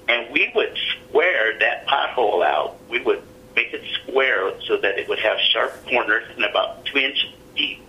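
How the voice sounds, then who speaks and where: A man's voice: mid-range voice, animated, moderate pace, pushed and bright, low-quality recording. A middle-aged man, an interview guest, telling a personal story in an earnest, plainspoken way.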